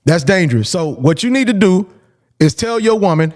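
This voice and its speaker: A man's voice: high voice, animated, fairly quick, a little mellow. A man hosting a call-in show, talking casually and bluntly, repeating his points for emphasis. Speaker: host.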